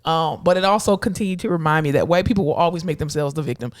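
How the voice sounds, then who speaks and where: Young woman, podcast co-host, casual and blunt, lively storyteller. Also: sits low, fast talker. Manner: blunt, animated storytelling with voiced quotes. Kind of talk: casual chat.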